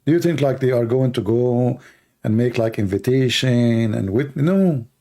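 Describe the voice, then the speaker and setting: A man hosting a debate livestream in non-native English, hoarse and coughing as he argues through rhetorical questions. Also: medium pitch, animated, moderate pace, mellow. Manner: argumentative, fires rhetorical questions. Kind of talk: live stream Q&A monologue.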